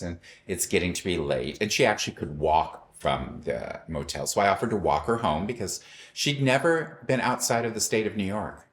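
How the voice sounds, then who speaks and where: A middle-aged man telling a personal story in a wry, animated way, acting out the voices of the people in it. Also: low-pitched, a little hiss or hum. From Los Angeles.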